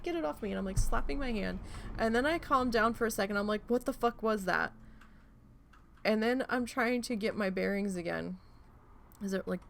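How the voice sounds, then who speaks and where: A woman streamer chatting casually while gaming, rambling and swearing freely as she tells an animated story. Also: medium pitch, creaky, a little hiss or hum.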